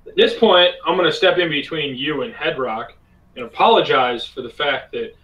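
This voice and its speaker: A man's voice: fairly high pitch, moderate pace, a bit bright, dull audio. Roomy, distant male player. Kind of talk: tabletop role-play. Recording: roomy, away from the mic.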